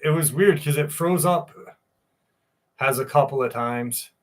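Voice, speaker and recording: A man's voice: medium pitch, unhurried. A man hosting a live stream, chatting casually and reading a listener's story aloud. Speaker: host.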